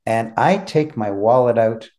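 Man hosting a podcast, talks real slow, walks through a story bit by bit. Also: mid-range voice, a little mellow. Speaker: podcast host. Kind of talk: conversational storytelling.

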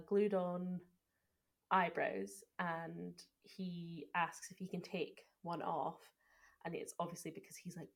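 A young woman chatting on a podcast about a film she loves. Her voice sits a little low, and she talks with eager, gushing enthusiasm. She also picks the film apart with careful analysis. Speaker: podcast co-host. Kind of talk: casual film discussion podcast.

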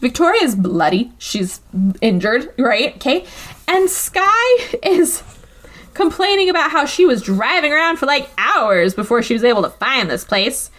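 A young woman hosts a casual comedy podcast, recapping a bad movie with sarcasm and plenty of swearing. Her voice sits high and her pace is measured, yet she's animated and acts out the characters.

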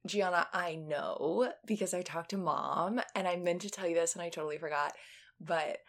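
A young woman co-hosting a casual chat podcast, excitable and gushing, often giggling. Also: on the low side, moderate pace, creaky. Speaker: podcast co-host.

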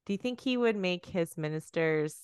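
Woman, 40s, podcast co-host, animated, quick asides, slightly low voice, dry. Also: smooth, no echo. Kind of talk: casual comedic chat.

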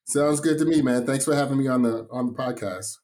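Male guest, New York-raised drum teacher, emphatic storyteller, mid-pitched voice. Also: fairly quick, darkish tone. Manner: enthusiastic, emphatic, says "man" a lot. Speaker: drumline instructor and podcast guest. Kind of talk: casual interview storytelling.

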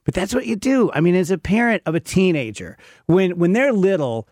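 Fifties guy cohosting a podcast, candid and laughing at himself, kinda high voice, dry close mic. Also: very animated, a little fast, a little mellow, dry recording. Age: 50s. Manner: candid, self-mocking storyteller. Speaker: podcast co-host. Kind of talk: casual chat.

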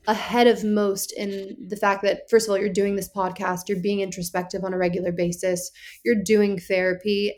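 A young woman guest on a podcast, talking candidly and playfully, acting out little quotes as she goes. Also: medium pitch. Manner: animated, playful, acts out quoted texts.

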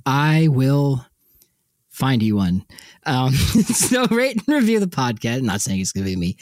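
A young man tells stories in a loose podcast chat, his pitch leaping around as he laughs his way through them. The sound is close and dry, with no room around it. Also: dry recording. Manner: animated, laughing, frequent likes and jumpy pitch. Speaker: podcast co-host. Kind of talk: casual storytelling chat.

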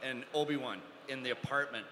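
A man's voice: medium pitch, fairly quick, sharp tone. A man hosting a Q&A panel on a convention stage, enthusiastic and laughing as he asks his questions. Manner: enthusiastic, laughs while asking. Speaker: panel host. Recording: echoey hall with long reverb and faint noise.

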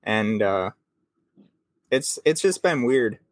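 A man's voice: mid-range voice, lively intonation, slow, no echo. Man in his late twenties, Minnesota accent, dry close sound, rambling host on a video call. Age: 20s. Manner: rambling, many fillers and restarts. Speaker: podcast host. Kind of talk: casual video call interview.

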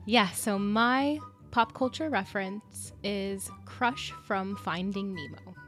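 A woman's voice: medium pitch, takes it slowly, a bit bright. A woman with a mid-range voice co-hosts a casual podcast. She explains in a chatty, giggly way, with faint music behind her. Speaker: podcast co-host.

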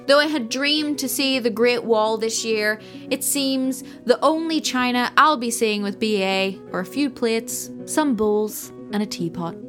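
A woman co-hosting a comedy news podcast, reading scripted headlines with crisp, punny delivery. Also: on the high side, a little slow, few pauses, a bit bright, soft background music.

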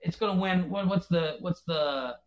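A man hosting a casual podcast chat, an animated storyteller who laughs between his lines. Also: high voice, normal speed, dull audio, crowd noise. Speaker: podcast host.

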